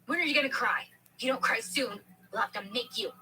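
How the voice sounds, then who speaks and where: A greedy uncle makes demands and threats in a plain, fairly high voice, as a woman voices him for an animated story. Hiss runs underneath. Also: fairly quick, recorded from a distance. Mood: menacing. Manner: menacing, demanding. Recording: noisy background hiss.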